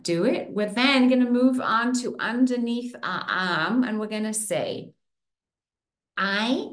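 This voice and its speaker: A woman leading a guided affirmation exercise online, stretching out affirmations slowly with playful asides. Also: a little high, roomy sound. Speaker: workshop leader.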